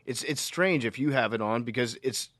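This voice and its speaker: Calm man summing up a point. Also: medium pitch, moderate pace, no echo, studio quality. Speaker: podcast co-host. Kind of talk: casual chat.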